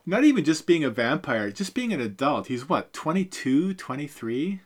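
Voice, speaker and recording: A man's voice: on the high side, sing-song, moderate pace. A middle-aged man co-hosting a podcast, chatting casually about a book, rambling with many fillers and self-corrections. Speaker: podcast co-host. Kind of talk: casual book-review chat.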